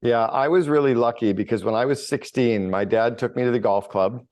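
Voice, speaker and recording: A man's voice: mid-range voice, a little fast, darkish tone. A middle-aged man telling stories bluntly in a casual podcast conversation, with the odd swear word. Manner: blunt, storytelling with mild swearing. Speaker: business coach and author.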